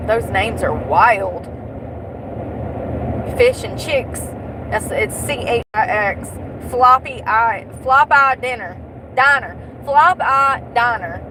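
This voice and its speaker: A woman's voice: a little high, slow pace. A young woman chatting while she drives, joking, rambling and laughing often. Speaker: vlogger. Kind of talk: casual chat while driving. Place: inside a car. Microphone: phone. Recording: road and car noise. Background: car noise.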